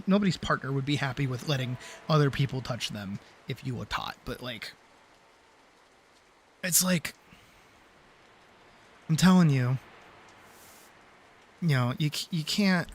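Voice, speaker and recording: A man's voice: on the high side, slight background noise. A man chatting casually on a livestream, rambling and apologetic, with casual swearing. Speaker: streamer.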